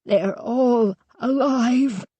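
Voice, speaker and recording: A woman's voice: fairly high pitch, drawn-out words, dark tone, husky, dry recording, exaggerated voice. A woman voicing Stanley, a panicked shrieking man. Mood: frantic. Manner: frantic, shrieking commands. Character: panicked grown man, wild-eyed and desperate.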